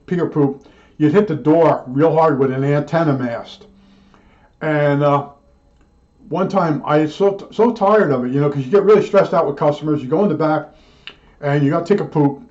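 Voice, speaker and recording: An older man spins a work story in a fairly high voice, doubling back and restarting as he goes. The recording sounds dull and slightly lo-fi. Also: darkish tone. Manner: chatty, digressive, many restarts and asides. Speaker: storyteller recalling old work days. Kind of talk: rambling personal anecdote.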